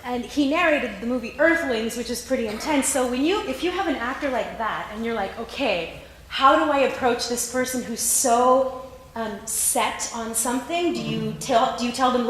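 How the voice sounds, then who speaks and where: Woman rambling through an audience question, high voice, echoey room. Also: a bit bright. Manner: rambling, hesitant, many restarts. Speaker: audience member asking a question. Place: large hall with audience. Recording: echoey hall, light hiss.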